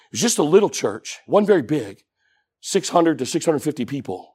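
A man preaching a sermon, telling a story with animation and swinging from hushed tones up to shouting. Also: fairly high pitch, big pitch swings, fairly quick, slightly rough.

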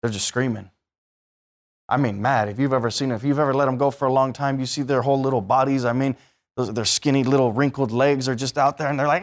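Man, preacher, sermon, conversational, emphatic bursts, middle pitch. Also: quick pace. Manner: conversational preaching, rising to emphatic bursts, asks the listeners questions.

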